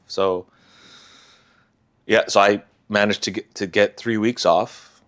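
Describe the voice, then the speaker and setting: Vlogger, male, lowish voice; soft, halting confessional delivery with sighs and restarts. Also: fairly even intonation. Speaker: vlogger sharing a personal story. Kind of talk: confessional personal talk.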